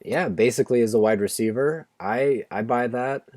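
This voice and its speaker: A man's voice: medium pitch, moderate pace, darkish tone. A man co-hosting a fantasy football draft stream, talking casually and rambling with many restarts. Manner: rambling, restarts, says "like" a lot. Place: home, on a video call.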